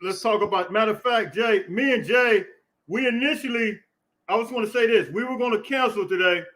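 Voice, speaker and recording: An American man hosting a casual sports podcast, loud and hyped, shouting greetings and laughing with viewers. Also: high voice, fairly quick, low-quality recording. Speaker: podcast host.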